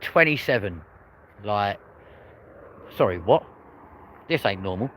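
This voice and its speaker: A man's voice: on the low side, expressive, slow, fairly bright tone, a little hiss or hum. A man giving chatty, upbeat live commentary to his viewers outdoors beside an airport, recorded on a phone. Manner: chatty, upbeat, addresses viewers as friends and folks. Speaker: live-stream plane spotter.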